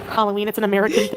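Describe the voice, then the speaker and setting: Canadian woman, livestreamer, chatty, reads chat aloud, faint background noise. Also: medium pitch. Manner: chatty, bubbly greetings to viewers. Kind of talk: reading chat comments aloud.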